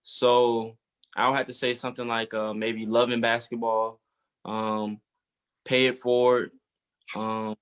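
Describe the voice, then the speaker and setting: A man's voice: medium pitch, flat delivery, unhurried, fairly bright tone, smooth. A man from Georgia in the US, a musician answering interview questions hesitantly with many fillers. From Georgia, USA. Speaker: musician guest. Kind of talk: casual interview.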